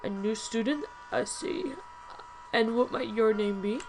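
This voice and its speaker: A woman voicing a stern older male professor who speaks slowly and scornfully in a cold voice. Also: a little high, darkish tone, soft background music, natural voice, low-quality recording. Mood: cold, disdainful. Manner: cool, slow, scornful delivery.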